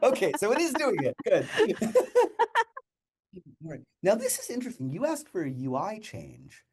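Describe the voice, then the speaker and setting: A developer co-hosting a coding demo explains a coding assistant in friendly casual tech chat, laughing easily. His high voice swings hugely in pitch at normal speed, with a darkish tone and breathy edge.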